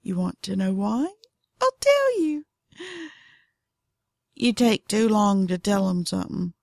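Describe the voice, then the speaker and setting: A woman's voice: mid-range voice, steady tone, normal speed, gravelly, darkish tone, no echo, studio quality. A middle-aged woman with a Southern US accent, hosting a knitting podcast in a chatty, folksy, drawling way. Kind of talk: casual podcast monologue.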